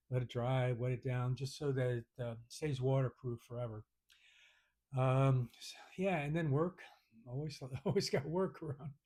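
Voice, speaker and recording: A man's voice: mid-range voice, a little mellow. A man vlogging to his viewers in a rambling, casual chat full of fillers and restarts.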